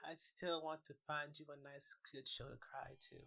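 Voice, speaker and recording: A woman co-hosting a podcast in casual chat, laid-back with dry quick quips. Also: sits low, steady tone, creaky, a bit bright. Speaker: podcast co-host. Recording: dull lo-fi podcast audio.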